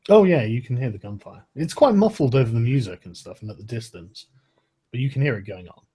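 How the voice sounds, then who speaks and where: A man's voice: mid-range voice, animated, brisk, mellow, breathy edge. A man running a tabletop role-playing game as game master, narrating scenes and rulings.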